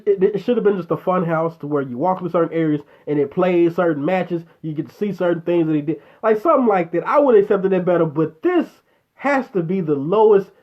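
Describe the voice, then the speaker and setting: Profane ranting man, high voice. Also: muffled recording. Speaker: show host. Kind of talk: casual chat reacting to viewers.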